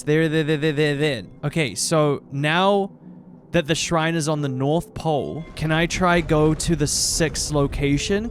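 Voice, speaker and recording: A man commentating his own playthrough of a game, excitable, swearing often and reacting loudly. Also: a little high, slight background noise. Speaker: streamer playing a game. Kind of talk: let's play commentary.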